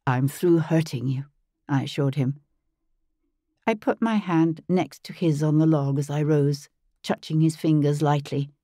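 A woman narrating an audiobook in first person, in a measured, composed manner, on a close studio microphone. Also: deep voice, dark tone, dry recording. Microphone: close studio mic.

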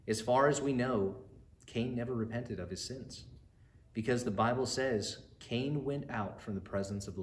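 A man's voice: mid-range voice, slight background noise. Earnest man telling a Bible bedtime story. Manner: earnest, addresses children directly. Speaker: church storyteller. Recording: roomy echo.

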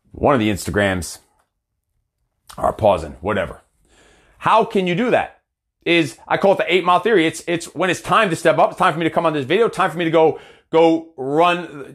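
Fired-up man coach with a higher voice and a swinging pitch, blunt and profane. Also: fairly bright tone. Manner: blunt, heavy cursing, fired-up. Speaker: accountability coach. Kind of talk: profane motivational talk.

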